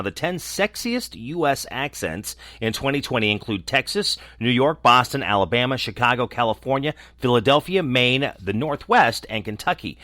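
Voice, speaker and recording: Lively-voiced male entertainment news host. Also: medium pitch, dry recording, clean studio sound. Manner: lively, lightly conversational read. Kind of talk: scripted news roundup.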